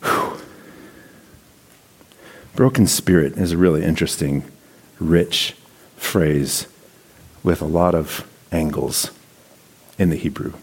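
A man's voice: extremely low pitch, takes it slowly, pauses often, breathy edge. Man preaching a conversational sermon. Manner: reads scripture aloud, then comments in a conversational preaching tone. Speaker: pastor.

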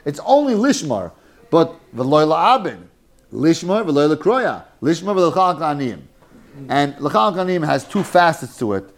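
Animated man teaching a talmud class. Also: a little high, unhurried. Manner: animated, mixes Hebrew and Yiddish terms, jokes with students. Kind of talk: lively Talmud class lecture.

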